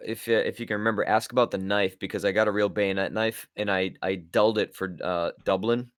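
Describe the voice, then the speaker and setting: A man appearing as a guest voice actor on a stream, chatting and joking in a relaxed way. His voice is fairly low and sounds close and dry. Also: brisk, clear, resonant tone, dry recording. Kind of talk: casual chat.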